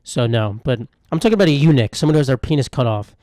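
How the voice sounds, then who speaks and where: A man's voice: mid-range voice, expressive, fast, warm tone, no echo, clean studio sound. A young man hosting a solo comedy podcast, rambling through irreverent, self-mocking riffs on news stories. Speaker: podcast host.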